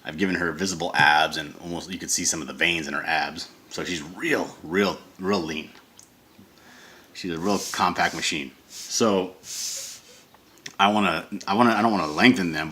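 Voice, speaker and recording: A man's voice: sits low, bright, forceful tone, a little hiss or hum. A man teaching comic drawing in a casual tutorial, rambling and correcting himself as he sketches. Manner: rambling, self-correcting, thinks aloud while sketching. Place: home studio.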